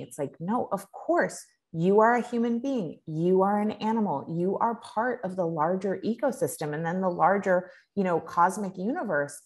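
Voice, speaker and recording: A woman from Maine, a guest in an interview, talking in a reflective, earnest, relaxed way. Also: medium pitch, moderate pace, hardly any pauses. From Maine, USA. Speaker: guest, author. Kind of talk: casual conversational interview.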